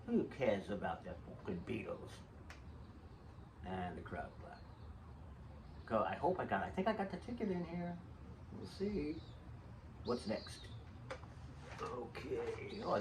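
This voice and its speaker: A man's voice: medium pitch, very animated, a little slow, long pauses. Older man rambling through old stories. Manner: chatty, jokey and digressive. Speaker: vlogger sharing saved ticket stubs. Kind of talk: rambling personal storytelling. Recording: distant mic with faint background noise.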